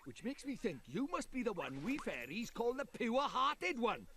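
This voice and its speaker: A brash Welsh fairy lord. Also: male voice, extremely high pitch, very animated, normal speed, sharp tone, slight background noise, exaggerated voice. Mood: chatty. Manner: sing-song, brash, rambling. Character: cheeky little male fairy lord, boastful and chatty. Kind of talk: video game voice acting.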